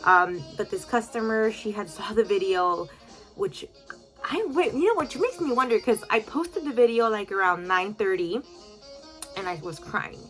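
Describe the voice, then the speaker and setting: A woman's voice: medium pitch, very animated, normal speed, a bit bright, faint music behind. A woman telling an emotional storytime vlog to her followers in a chatty, filler-heavy way. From United States.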